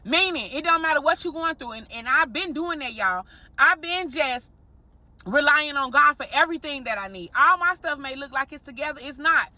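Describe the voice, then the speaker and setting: A married woman telling an animated story straight to her viewers in a vlog, often calling them y'all. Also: sits high, normal speed. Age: adult, married. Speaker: vlogger.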